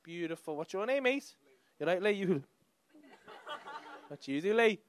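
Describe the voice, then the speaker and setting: Brash, sweary high-voiced Liverpool comic. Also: male voice, lively intonation, measured pace, dry recording. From England. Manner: brash, sweary, mocking banter with the crowd. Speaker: stand-up comedian. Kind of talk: crowd work stand-up. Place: comedy club stage.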